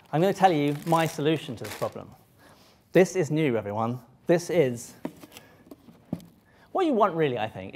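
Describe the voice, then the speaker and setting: A man giving a live science lecture to an audience, lively and joking, often breaking off and restarting his sentences. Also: a little high. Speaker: public lecturer. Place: lecture hall.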